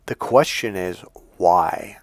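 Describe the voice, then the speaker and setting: A man giving casual dating advice as a coach, telling lively stories and acting out the people in them, blunt and a bit crude. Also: low-pitched, slow pace, dry recording, studio quality, faint music behind. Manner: animated storyteller who acts out the people he quotes. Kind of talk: casual motivational monologue.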